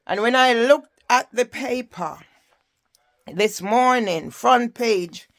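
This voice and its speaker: A woman's voice: fairly high pitch, slow. An older woman with a Jamaican accent, giving an impassioned personal testimony and often asking the listener "Yeah?". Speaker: campaigner telling her story.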